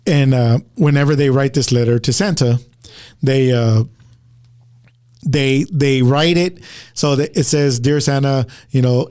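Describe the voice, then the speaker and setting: A man's voice: medium pitch, warm tone. A man hosting a casual talk show, telling a story to listeners in a rambling way, often repeating words and starting over. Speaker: podcast host.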